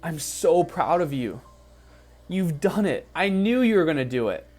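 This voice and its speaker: A man's voice: fairly high pitch, very animated, unhurried, darkish tone, faint music behind, pitched above the performer's own voice. A man voicing a proud, beaming male God who repeats his praise, in a motivational guided visualization.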